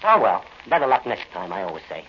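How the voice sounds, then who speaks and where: A man's voice: low voice, huge pitch swings, fast talker, fairly bright tone, heavily acted. An actor playing a mischievous male demon who taunts and wheedles, in old-time radio drama style, on a dull lo-fi recording with faint hiss. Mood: eager.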